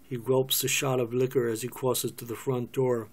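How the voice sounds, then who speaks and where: A man's voice: mid-range voice, flat delivery, moderate pace. A man giving a cold reading of a play, reading the stage directions in a plain, matter-of-fact way. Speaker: script reader.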